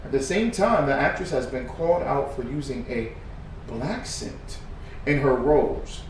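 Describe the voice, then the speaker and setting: A man giving heated reaction commentary, shifting from muttered news reading to loud, profane ranting. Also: medium pitch, normal speed. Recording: echoey room, distant mic, faint noise.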